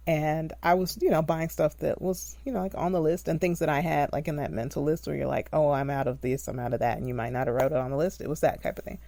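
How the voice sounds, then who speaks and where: A woman's voice: low-pitched, gravelly, warm tone, no room sound. A woman hosting a podcast, chatting casually and laughing often at herself. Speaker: podcast host, empowerment specialist. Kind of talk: casual solo podcast talk.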